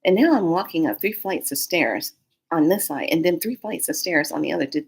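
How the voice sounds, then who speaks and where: A woman vlogger telling a story in a casual, animated, slangy way, acting out every quote. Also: deep voice, fairly quick, vocal fry, husky.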